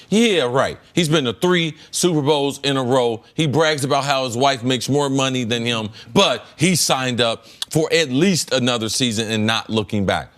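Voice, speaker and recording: An emphatic middle-aged man argues his case on a sports debate show, repeating himself for weight. His pitch swings widely, climbing high when he presses a point. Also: animated, moderate pace, few pauses, a bit bright. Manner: emphatic, repeats words, rises sharply when making a point. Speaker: former pro football player turned analyst.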